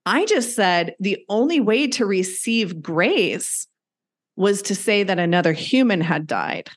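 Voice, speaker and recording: A woman's voice: mid-range voice, animated, measured pace. A woman guest in a podcast interview, telling personal stories earnestly and acting out quoted reactions. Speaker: podcast guest, grief counselor. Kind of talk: conversational interview talk.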